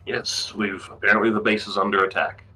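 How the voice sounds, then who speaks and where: A man's voice: on the low side, little pitch movement, a little fast. A man talking casually with teammates during a co-op game, easygoing and eating while he talks. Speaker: co-op player. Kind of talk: casual chat.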